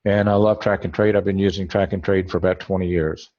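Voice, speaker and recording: A man's voice: low voice, steady tone, quick pace, a little mellow, lo-fi sound. A man teaching a trading webinar over a screen share, rambling and correcting himself as he thinks aloud.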